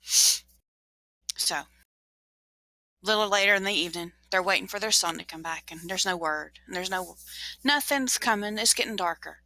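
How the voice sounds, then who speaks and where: Dramatic, bright-voiced woman storyteller. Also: medium pitch, normal speed, long pauses, no echo, low-quality recording. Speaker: game master. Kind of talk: storytelling in a tabletop game session.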